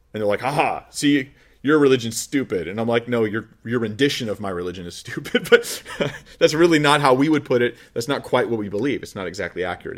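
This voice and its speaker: Male pastor, mid-pitched, chatty sermon delivery with playful asides and acted-out quotes. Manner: conversational, joking asides, acts out quoted voices.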